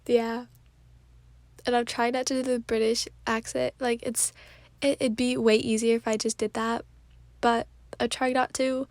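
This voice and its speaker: A tired woman with a stuffy nose reads a listener story in a soft, sleepy ASMR way. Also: a little high, level tone, measured pace, pauses often, no room sound.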